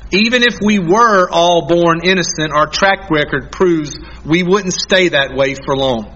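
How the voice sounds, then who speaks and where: Male pastor, high bright voice, emphatic sermon delivery, muffled lo-fi recording. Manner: earnest, emphatic preaching with dramatic slowdowns.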